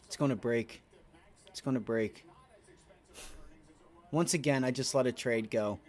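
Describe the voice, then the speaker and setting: A man's voice: mid-range voice, unhurried, darkish tone. A man streaming live day trades, venting with profanity and repeating himself in short bursts as he watches the chart. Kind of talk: live trading commentary.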